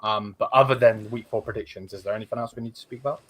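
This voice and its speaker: A man's voice: fairly low pitch, steady tone, rapid-fire. A man hosting a casual football podcast, rambling with lots of fillers and swearing. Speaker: podcast host.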